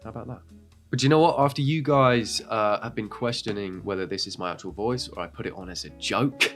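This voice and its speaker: Sarcastic man with a low voice. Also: fairly quick, a bit bright, faint music behind. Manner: sarcastic, crude joking asides. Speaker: reaction video host. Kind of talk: casual reaction commentary. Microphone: desk microphone.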